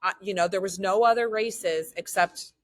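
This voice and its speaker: A woman's voice: mid-range voice, steady tone, moderate pace, no room sound. A woman triathlete in casual conversation, talking openly and emotionally about her racing. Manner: open, emotional, rambling. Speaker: triathlete guest and former podcast co-host.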